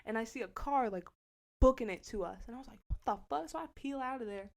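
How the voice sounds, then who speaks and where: A young woman co-hosting a podcast, telling a story in a casual, animated way, acting out what people said, with lots of slang and swearing. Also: a little high, fast talker, gravelly. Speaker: podcast co-host.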